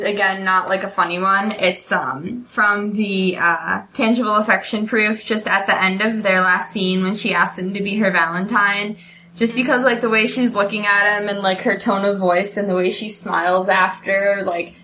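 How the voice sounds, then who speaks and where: A young woman co-hosting a podcast in casual chat, quickly retelling favorite sitcom scenes with lots of "um" and "like". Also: mid-range voice, steady tone, bright, forceful tone, a little hiss or hum, poor audio. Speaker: podcast co-host.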